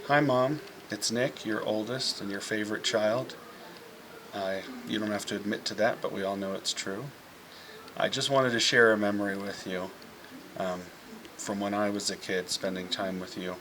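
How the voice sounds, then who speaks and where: A man speaks to the camera in a fond, meandering way, stopping often with "um" and "uh" as he recalls childhood walks. His voice sits a little low. There is a faint hiss behind it. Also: fairly even intonation, moderate pace, fairly bright tone. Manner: rambling, fond storytelling with fillers. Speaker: eldest son sharing a memory. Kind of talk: heartfelt message to camera.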